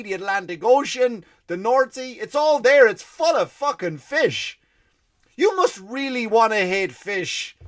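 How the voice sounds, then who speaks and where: An Irish man hosting a comedy podcast, telling stories in a swearing, ranting way. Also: high voice. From Ireland. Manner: profane, ranting, animated. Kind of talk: comic rant and storytelling.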